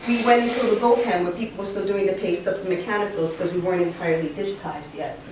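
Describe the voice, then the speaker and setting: A woman's voice: fairly low pitch, fast, background noise. A Puerto Rican woman in her forties telling a comic story live on stage, acting out the voices of the people in it. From Puerto Rican family. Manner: animated, comic, acts out quoted voices. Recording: echoey room, mic from a distance.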